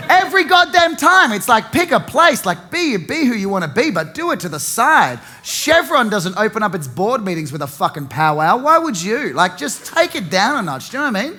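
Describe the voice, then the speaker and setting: A man's voice: high voice, big pitch swings, brisk, sharp tone. A young Australian man doing a sardonic stand-up comedy set, swearing freely and mocking people with put-on voices.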